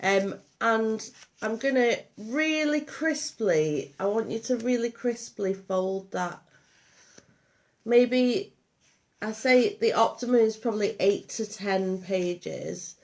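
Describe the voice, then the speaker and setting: Slow, chatty woman with a Liverpool-Lancashire accent. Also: on the high side. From Liverpool and Lancashire, England. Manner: chatty, meandering, many ums and restarts. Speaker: craft workshop host. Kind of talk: live craft demonstration.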